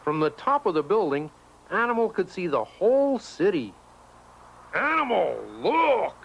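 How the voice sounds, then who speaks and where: Animated high-voiced male storyteller. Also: normal speed, a little hiss or hum, poor audio. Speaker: storybook narrator. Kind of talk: scripted read-aloud narration.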